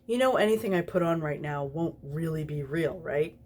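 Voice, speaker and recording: A woman's voice: deep voice, expressive, moderate pace, darkish tone, a little hiss or hum. A tipsy woman voicing a sly, teasing male demon in a story reading, amiable and mocking. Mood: laughing mockery.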